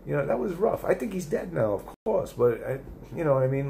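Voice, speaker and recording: A man's voice: on the high side, big pitch swings, a little fast, creaky, mellow, faint music behind. A middle-aged man live streaming, rambling and swearing in casual chat as he reads viewer comments aloud. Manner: rambling and profane, with many restarts.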